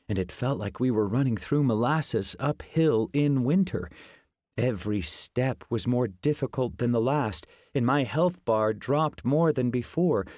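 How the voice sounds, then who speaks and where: A man narrating a fantasy audiobook in the first person. His storytelling is steady and even, in a middle pitch. The recording is dry and close. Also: dry recording.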